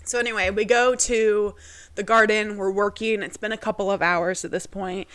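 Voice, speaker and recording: A woman's voice: mid-range voice, steady tone, moderate pace, fairly bright tone, dry recording. Young woman rambling through a family story. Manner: rambling, heavy on fillers, acts out quoted family voices. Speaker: podcast co-host. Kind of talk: casual personal storytelling.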